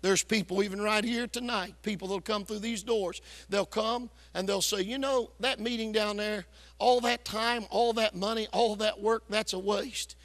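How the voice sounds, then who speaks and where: A loud, hard-driving preacher delivers a storytelling revival sermon. His voice sits high and sounds bright and forceful. The long reverb of a church sanctuary trails every phrase. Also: steady tone, normal speed. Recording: echoey church hall.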